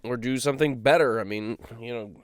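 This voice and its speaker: A man co-hosts a casual podcast with a smooth, clear voice, talking in an animated way and cursing freely. He jumps up in pitch when excited, recorded dry and close. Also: fairly quick, no echo. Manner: animated, swings pitch up high, swears freely. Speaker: podcast co-host. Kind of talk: casual chat.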